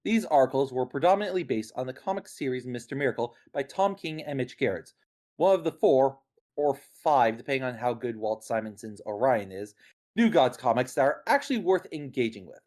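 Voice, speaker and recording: A podcast guest and critic reading a prepared explanation, earnest and lively, correcting themself now and then. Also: medium pitch, a little fast.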